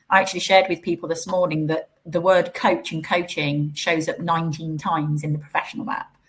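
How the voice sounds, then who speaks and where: A woman speaking as a guest on a live panel, animated and acting out the people she quotes. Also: low voice.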